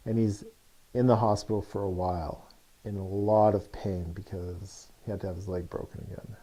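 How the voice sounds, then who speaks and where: A male coach telling a parable in a relaxed, conversational way, full of likes and uhs. His voice sits fairly low, with a warm, mellow tone. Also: moderate pace. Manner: loose and chatty, many fillers. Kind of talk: casual storytelling.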